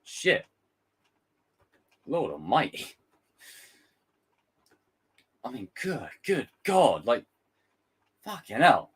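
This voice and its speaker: A man's voice: medium pitch, slow pace, husky. Livestream host, man, casual and ranty, voice jumps all over the place, swears a lot. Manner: animated, ranting, swears freely, mocks with exaggerated voices. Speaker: YouTube host reacting to a trailer.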